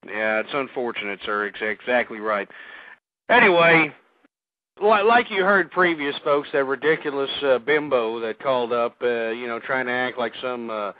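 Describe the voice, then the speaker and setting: A man's voice: medium pitch, normal speed. A man hosting a talk radio show, angry and ranting at callers, often repeating himself. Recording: tinny phone-line audio, dry.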